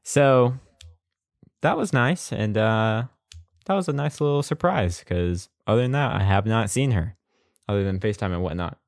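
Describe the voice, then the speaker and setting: A man's voice: lowish voice, animated, moderate pace, gravelly, no room sound, studio quality. A young man co-hosting a casual podcast chat, laid-back and rambling. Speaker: podcast co-host.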